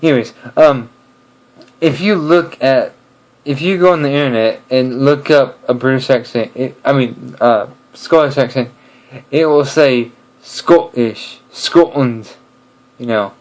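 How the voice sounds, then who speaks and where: A young man chatting casually to camera, rambling and hesitant, with many pauses and restarts. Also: mid-range voice, darkish tone, rough recording. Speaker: video creator.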